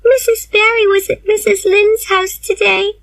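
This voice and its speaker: An excitable young girl with a high, pleading voice, put on by a woman reading a storybook. She climbs well above an ordinary speaking voice and sounds close and dry. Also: moderate pace, gravelly, dry recording, distant mic, full character voice, rough recording. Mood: distressed.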